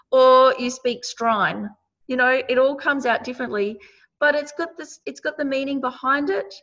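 A woman's voice: a little high, a bit bright. Woman teaching over a muffled call. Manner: earnest, personal storytelling with frequent restarts. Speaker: Buddhist meditation teacher. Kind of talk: online teaching talk. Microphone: video call.

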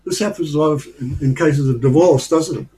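Man, group leader, mellow and slightly high voice, thoughtful, pausing often. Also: low-quality recording. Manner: thoughtful, unhurried, with frequent pauses and fillers. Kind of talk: casual study group discussion.

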